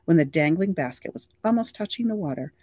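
Steady audiobook narrator, dry sound. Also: medium pitch, fast talker, no room sound. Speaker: audiobook reader. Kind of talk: scripted novel narration.

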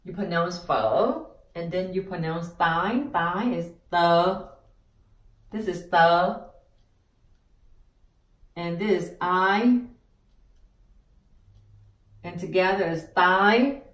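Woman teaching pronunciation, lowish voice, breaks words into syllables. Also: drawn-out words, long pauses, reverberant, far from the mic. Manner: spells out sounds syllable by syllable. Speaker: language teacher. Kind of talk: slow pronunciation lesson.

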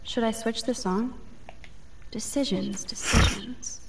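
A woman's voice: fairly high pitch, fairly even intonation, takes it slowly, very noisy. A woman voicing a wry teenage girl photographer in a video game, talking in a dry, sardonic inner monologue.

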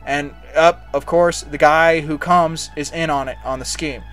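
A man's voice: on the high side, steady tone, a little slow, a bit bright, faint music behind. A young man giving a casual, unscripted movie review, talking bluntly and rambling with frequent restarts and filler words. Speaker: film reviewer.

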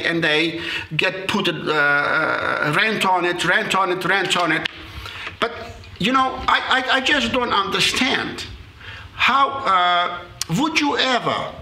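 Emotional man, slow. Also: sits high, pushed and bright. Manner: emotional, halting, many repeated words. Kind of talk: impassioned comment at a public debate. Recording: echoey hall with faint noise.

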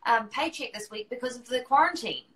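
A woman's voice: fairly high pitch, animated, fairly quick, a bit bright, poor audio. A woman with a New Zealand accent, chatting as a guest on a live video call, self-deprecating and given to trailing off mid-sentence. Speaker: guest actor. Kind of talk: casual chat on a live video stream. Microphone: video call on a phone or laptop.

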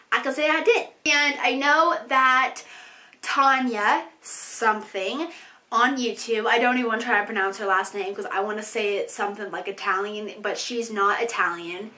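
A young woman chatting casually in a vlog about her language-learning goals, animated and playful with asides. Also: on the high side.

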